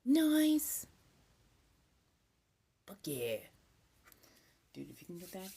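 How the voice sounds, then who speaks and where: A woman with a Californian accent, chatting casually on a live stream, laid-back and swearing freely, now and then dropping into soft whispers. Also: on the low side, huge pitch swings, extremely slow, gravelly, long pauses, husky. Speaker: ASMR streamer.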